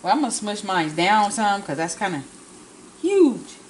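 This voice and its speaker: Building a burger at home, this vlogger gives a casual, chatty cooking demonstration, often speaking through a mouthful. She has a very animated mid-range voice at normal speed, though the audio is poor with slight background noise.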